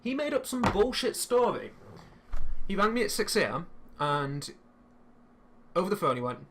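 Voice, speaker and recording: A young man telling a story in casual chat while streaming a game, swearing freely and animated. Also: high voice, normal speed.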